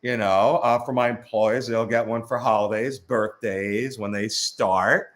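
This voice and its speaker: A man's voice: on the low side, steady tone, unhurried. A man co-hosting a live show over a video call from his father's home, talking in a wry, rambling way. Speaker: co-host. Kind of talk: casual live-stream chat.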